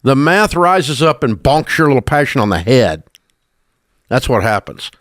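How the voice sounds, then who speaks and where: An older man with a Southern American twang lectures his radio audience, blunt and scolding. His pitch swings widely as he hammers each point. The studio sound is dry and close. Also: sing-song, measured pace, fairly bright tone, no room sound. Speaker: radio show host. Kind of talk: call-in radio talk.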